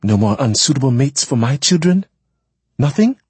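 A man's voice: fairly low pitch, normal speed, a little mellow, husky, dry recording, voice pushed up. A man voicing a grieving, proud woman who has lived for centuries, speaking bitterly in a story reading. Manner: bitter, pleading.

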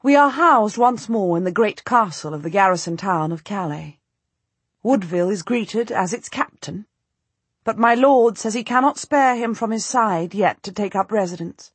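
Breathy woman narrating an audiobook. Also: mid-range voice, animated, moderate pace, no echo. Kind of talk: first-person historical novel narration.

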